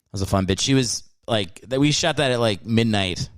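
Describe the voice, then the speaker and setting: Guy hosting a podcast, lively and a bit high, dry close sound, rambling and joking at himself. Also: a little fast, no room sound. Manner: rambling, self-mocking. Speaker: podcast host. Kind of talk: casual podcast monologue.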